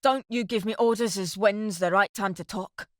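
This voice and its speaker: A woman voicing a jealous, furious sergeant husband who shouts coarse insults while short of breath. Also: mid-range voice, moderate pace, no room sound, studio quality, lightly acted.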